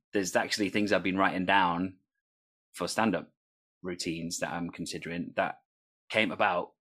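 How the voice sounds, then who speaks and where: A man with a low voice, a teacher who also does improv, speaking in casual conversation. He talks fluently and tells stories as he goes. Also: a bit bright. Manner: fluent, anecdotal storytelling. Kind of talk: casual chat.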